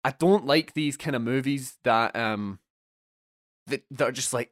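A young man co-hosts a casual film podcast, animated and swearing freely. His mid-range voice moves at a moderate pace, and the recording is dry with clean studio sound.

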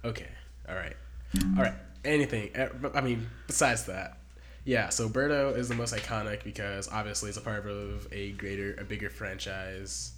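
A man's voice: lowish voice, steady tone, background noise. A man co-hosting a casual podcast, rambling and joking as he talks. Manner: rambling, joking, quick to laugh. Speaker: podcast co-host. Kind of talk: casual chat.

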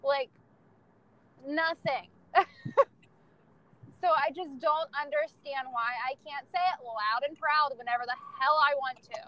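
A woman's voice: sits high, steady tone, unhurried, long pauses, lo-fi sound. A young woman telling candid, profane stories about her family in casual chat, laughing often.

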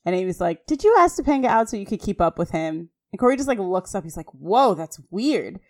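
A woman co-hosting a podcast, chatting casually and reading scene quotes aloud quickly in an animated way. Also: medium pitch. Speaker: podcast co-host. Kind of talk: casual recap chat.

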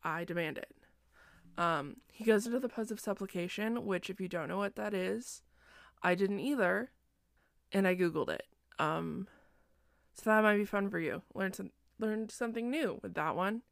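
A woman's voice: medium pitch, moderate pace, creaky, dry recording, clean studio sound. A sleepy young woman recapping a book in a chatty, self-deprecating, digressive way, recorded at home at night. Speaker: podcast host.

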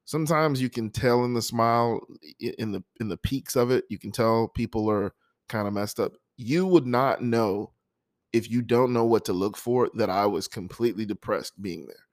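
A man telling a personal story before reading a poem, speaking softly with halting, emotional pauses. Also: mid-range voice, no echo, clean studio sound. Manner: soft-spoken, halting and emotional. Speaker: poet introducing a poem.

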